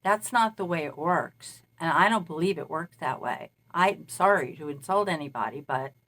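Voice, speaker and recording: Woman, lower pitch, casual meandering monologue. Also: lively intonation, normal speed, fairly bright tone. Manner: meandering, recounts events at length. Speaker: self-described spirit medium.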